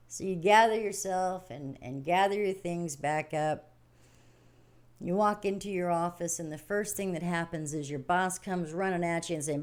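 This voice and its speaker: A middle-aged woman hosts a livestream, giving a casual, folksy spiritual talk in a fairly low, darkish voice at normal speed. She's plain-spoken, rambles and repeats herself, and laughs often.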